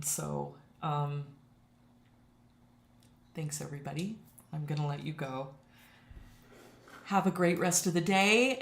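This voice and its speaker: A woman watercolor teacher wrapping up a live stream in casual chat, emotional and given to laughing. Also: sits low. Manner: chatty, emotional, laughs often. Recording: echoey room.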